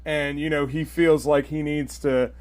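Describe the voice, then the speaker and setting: Rambling, higher-voiced male podcast guest. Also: little pitch movement, unhurried. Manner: rambling, filler-heavy with tag questions. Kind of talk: casual podcast chat.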